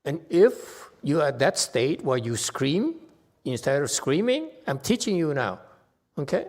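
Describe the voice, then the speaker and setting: A man's voice: a little high, very animated, unhurried, a little mellow. A man giving a Dharma talk as a meditation teacher, chatty and teasing, often checking in with his listeners.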